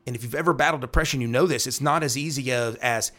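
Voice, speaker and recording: An earnest man talks through the scripture as a pastor. He repeats key phrases and checks in with a quick "right?" as he works through each verse. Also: mid-range voice, a bit bright. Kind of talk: devotional Bible teaching talk.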